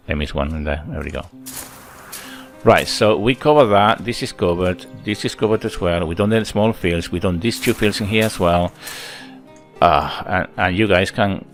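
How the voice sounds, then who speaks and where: Deep-voiced man chatting over game play. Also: moderate pace, faint music behind. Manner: chatty, thinks aloud, counts workers under his breath. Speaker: gameplay channel host. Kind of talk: casual let's-play commentary.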